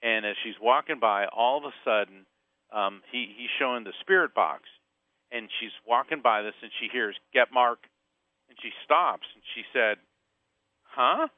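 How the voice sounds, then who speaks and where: A man's voice: medium pitch, normal speed, dry recording. Man telling a story over a phone line. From Central Florida. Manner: animated storyteller acting out voices. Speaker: guest author and medium. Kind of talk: storytelling interview.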